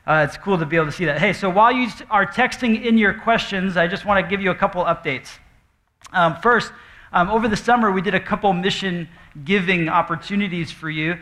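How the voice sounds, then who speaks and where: A man leading a church service, his voice fairly high and bright with a forceful edge. He talks casually, stumbling through restarts and fillers and cracking small jokes. He sounds nervous as he runs a live Q&A. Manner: halting, full of fillers and restarts, joking. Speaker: pastor. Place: church auditorium with audience.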